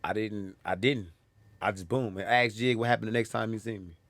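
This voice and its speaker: A man's voice: fairly low pitch, a little fast, no echo. A young man, a comedian, telling stories from his life in a casual chat, acting out the lines of people in them. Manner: animated, acts out quoted lines. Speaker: comedian guest.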